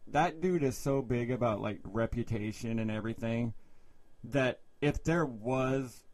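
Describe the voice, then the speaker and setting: A man co-hosting a podcast, telling a story in casual chat, profane and animated, loudly acting out quotes. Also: mid-range voice, a little slow. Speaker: podcast co-host.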